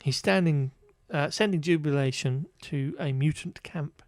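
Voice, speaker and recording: In a clean studio recording with no room sound, a fairly high-pitched man talks a little slowly. He's a podcast co-host giving a casual film review, his recap wry, exasperated and heavy on fillers.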